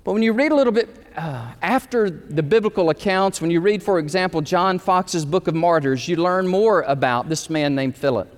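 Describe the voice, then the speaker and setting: High-voiced animated pastor preaching. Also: male voice, moderate pace, hardly any pauses, long reverb tail. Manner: animated, storytelling with quoted dialogue. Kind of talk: sermon. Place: church sanctuary.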